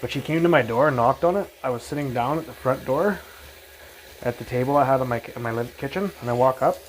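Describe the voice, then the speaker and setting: Young guy ranting on a phone stream, swears a lot, keeps circling back, normal pitch, bit of hiss behind. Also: fast talker. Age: young adult. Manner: rambling, profane, aggrieved storytelling. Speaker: livestreamer. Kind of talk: casual livestream rant. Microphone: phone livestream mic.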